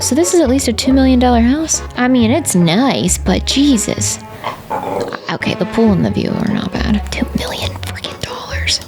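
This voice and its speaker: A woman's voice: medium pitch, vocal fry. A young woman from Pennsylvania hosting a casual commentary vlog, chatty and playful, gushing over animals. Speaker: channel host.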